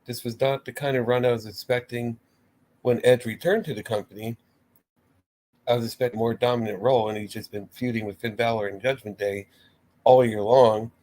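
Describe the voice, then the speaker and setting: Male channel host, rambling and exasperated, mid-pitched everyday voice, casual commentary. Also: fairly even intonation, a little fast, darkish tone. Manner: rambling, exasperated, swears, mimics his own reactions.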